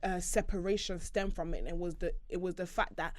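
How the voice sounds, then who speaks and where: A woman chatting casually as a podcast host, animated and swearing freely. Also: lowish voice, fairly quick, dry recording. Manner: animated, swears freely, bursts into loud outbursts. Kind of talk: casual chat.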